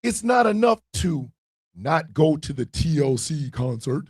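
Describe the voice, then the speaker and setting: A man's voice: on the high side, sing-song, measured pace, a little mellow, husky, no room sound, clean studio sound. A man hosting an internet radio livestream, delivering a fiery, emphatic monologue. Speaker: internet radio co-owner and host.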